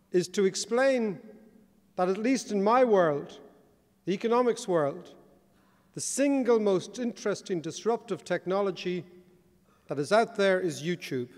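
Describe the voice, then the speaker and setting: An Irish man delivers a conference keynote in a wry, joking, animated way. His voice sits high for a man. The sound carries the long reverb of a large hall. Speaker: keynote speaker. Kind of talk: conference speech.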